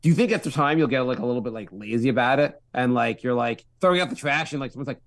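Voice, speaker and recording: A man's voice: mid-range voice, quick pace, few pauses, no echo, clean studio sound. A man co-hosting a podcast, joking around in casual banter and acting out quoted voices. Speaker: podcast co-host.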